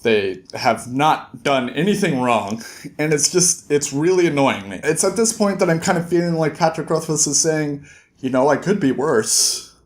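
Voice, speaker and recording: Casual book vlogger, chatty recap with quick character voices. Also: mid-range voice, animated. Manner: chatty, laughing, acts out the characters.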